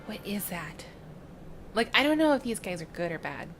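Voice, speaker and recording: A woman's voice: mid-range voice, big pitch swings, moderate pace, fairly bright tone. Giggly woman commenting on a game. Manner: giggly, playful. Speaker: let's play host. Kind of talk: casual gameplay commentary. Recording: game music under her voice.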